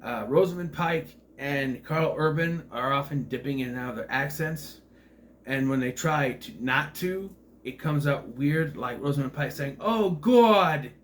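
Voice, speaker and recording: A man's voice: medium pitch, normal speed, a bit bright, slight background noise. A man talking through a movie review in a casual vlog, rambling, sarcastic and exasperated.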